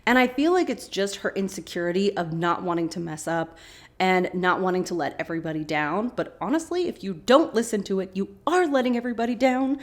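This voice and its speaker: Woman, podcast host, casual episode recap, animated chatty asides. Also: medium pitch, fairly quick.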